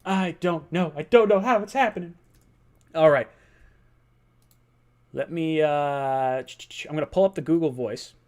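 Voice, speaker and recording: A young man hosting a live sports fan stream, his voice pitched a little high for a man. He talks fast and excitedly, restarting sentences as he thinks aloud and reading out viewer messages. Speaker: host of a fan livestream. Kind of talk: excited livestream sports talk.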